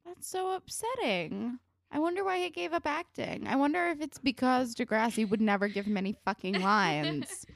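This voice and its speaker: A woman's voice: on the high side, moderate pace, vocal fry, dry recording, studio quality. A woman in her twenties co-hosting a podcast, talking casually and bluntly with plenty of swearing and "like". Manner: animated, blunt, swearing, lots of "like". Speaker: podcast co-host recapping a TV episode. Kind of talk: casual chat.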